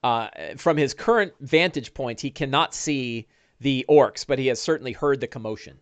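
Man, dungeon master, animated narration, many fillers, dry recording. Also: medium pitch, normal speed, no echo. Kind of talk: narrating a tabletop game.

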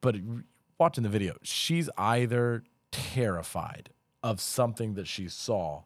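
A man with a deep, low voice in casual podcast banter. He jokes and teases as he tells stories. The sound is dry and close. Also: unhurried, no echo. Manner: joking, teasing banter. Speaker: podcast guest. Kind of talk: casual chat.

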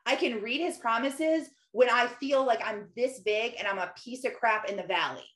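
A woman's voice: on the high side, normal speed, a bit bright. A woman in her thirties chatting casually about faith and family, rambling and filling her talk with "like". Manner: chatty, rambling, lots of "like" fillers. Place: home office. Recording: roomy echo.

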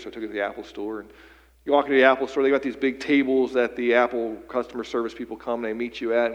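A preacher man in an echoing hall. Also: medium pitch. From western Pennsylvania. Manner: conversational storytelling with frequent repeated words. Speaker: pastor. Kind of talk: sermon.

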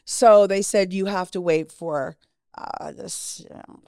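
A woman's voice: on the low side, takes it slowly, vocal fry, dark tone, no echo, clean studio sound. A middle-aged woman, a podcast guest, candidly telling a personal story in a frank, profane way and acting out the lines of the people in it.

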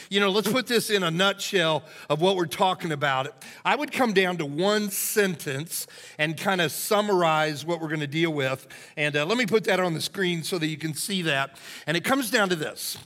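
Brief: male pastor, bright, fairly high voice, hoarse, folksy sermon delivery in a reverberant sanctuary. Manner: folksy, conversational, storytelling. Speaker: lead pastor. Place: church sanctuary. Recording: long reverb of a church hall.

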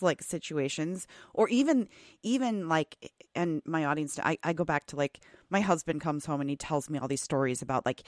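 A woman's voice: deep voice, no room sound, studio quality. A woman hosting a podcast interview, talking casually and rambling through stories with lots of fillers and restarts. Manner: animated storytelling about family. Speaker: podcast host.

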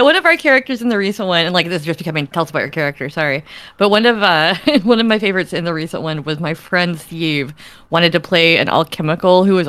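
A woman's voice: low voice, fairly bright tone, smooth, no echo. A young woman, a podcast guest, chatting casually with lots of fillers and giggles. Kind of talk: casual chat.

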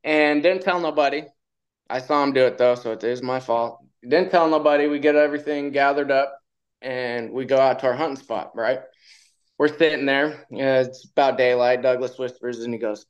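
A man's voice: mid-range voice, steady tone, normal speed, clean tone, low-quality recording. A man, a retired bull rider, guesting on a podcast and telling stories in a laid-back way, often laughing. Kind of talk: casual storytelling.

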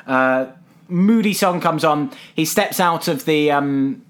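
A man with a high-pitched voice talks casually through a film's plot with a friend. He is animated, jumps into the characters' lines in pitched-up voices, and swears freely. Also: slow pace. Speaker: film podcast co-host. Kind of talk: casual film recap chat.

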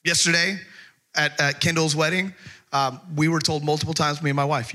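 A middle-aged male pastor delivers a conversational sermon, sliding from funny everyday stories into slow, emphatic readings of scripture. His voice sits a little high and sounds bright and forceful. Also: steady tone. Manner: conversational storytelling with humor; slows down to stress scripture.

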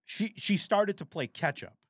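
Guy cohosting a podcast, kinda high voice, swears a lot, rambles on, dry close mic. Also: unhurried, no room sound. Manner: animated, profane, rambling storyteller. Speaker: podcast co-host. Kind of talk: casual chat.

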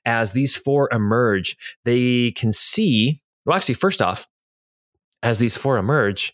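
A man narrates a tabletop game as game master, his pitch rising and falling with lots of movement. The sound is dry and close. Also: takes it slowly, no echo. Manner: lively, expressive narration.

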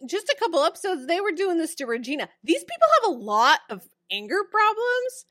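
High, lively-voiced woman joking around. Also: fairly quick, dry recording, clean studio sound. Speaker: podcast co-host. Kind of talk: casual chat.

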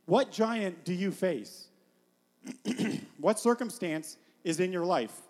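A man's voice: high-pitched, lively intonation, slow, darkish tone, in a large hall. A man preaching a casual, rambling sermon, full of fillers, often stopping to put questions to his listeners.

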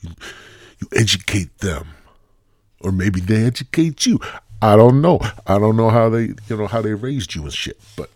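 A man hosts his podcast alone, rambling and cracking crude jokes in a very deep, husky voice that swings widely in pitch. He sounds a bit stuffy and short of breath, recorded dry and close to the mic. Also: expressive, moderate pace, a little mellow, dry recording. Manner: rambling, profane, joking. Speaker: podcast host. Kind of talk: solo casual podcast rant.

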